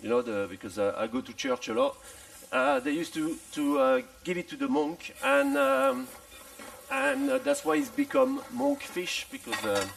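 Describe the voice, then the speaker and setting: Halting, gravelly chef from France. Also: male voice, extremely high pitch, wildly swooping pitch, no echo, distant mic, poor audio. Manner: halting, repeats words and restarts, dry humor. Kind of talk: live cooking demonstration. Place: festival demonstration tent.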